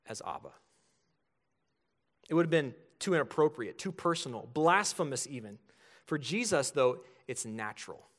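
A man in his thirties preaching a sermon as pastor, earnest and building to emphatic points. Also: medium pitch.

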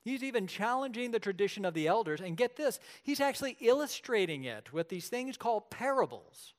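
Brief: male pastor with a somewhat high voice, animated storytelling sermon, dips loud and soft. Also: fairly quick. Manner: lively storytelling preacher, shifts between loud and quiet.

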